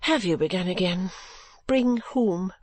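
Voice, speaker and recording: A woman voicing a calm, complacent middle-aged mother who brushes off her daughter while she works. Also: on the low side, a little slow, dry recording. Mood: serene dismissive.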